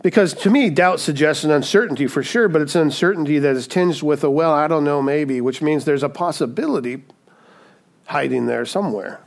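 A man's voice: a little high, lively intonation, a little fast, vocal fry. A man preaching a sermon as a pastor, in a conversational way, often tagging "right?" and adding light humorous asides.

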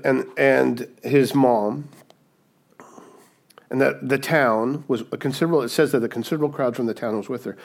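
A male pastor preaching a sermon in a conversational way, often checking in with "right?" as he retells Bible stories. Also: mid-range voice.

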